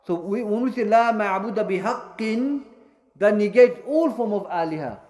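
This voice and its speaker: A man's voice: high-pitched, normal speed, darkish tone. A man teaching a lesson, explaining points with many fillers and self-corrections and mixing Arabic terms into English. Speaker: Islamic studies teacher. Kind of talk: classroom lecture.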